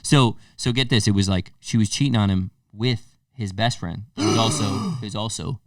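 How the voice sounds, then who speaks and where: A young man co-hosting a podcast, telling a story in casual chat, animated, swearing freely and acting out quotes. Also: lowish voice, normal speed, no echo, studio quality, far from the mic. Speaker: podcast co-host.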